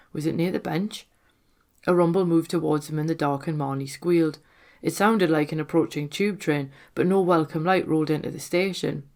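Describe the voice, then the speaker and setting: A woman reads her own ghost story aloud with steady, suspenseful narration. Her voice sits low in pitch. It carries a gravelly, creaky texture.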